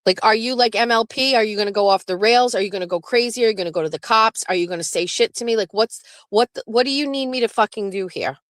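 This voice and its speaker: A woman's voice: a little high, quick pace, hardly any pauses, no echo. A woman hosting a live stream, chatting casually and bluntly with her viewers and swearing freely. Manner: blunt, profane, talks back to chat. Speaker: livestream host.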